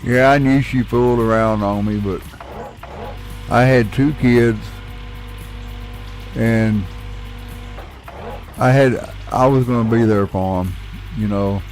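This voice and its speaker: A man's voice: mid-range voice, steady tone, slow pace, pauses often, darkish tone, soft background music. A middle-aged man, telling a rambling, folksy story with casual swearing while he plays a game. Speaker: gaming channel host.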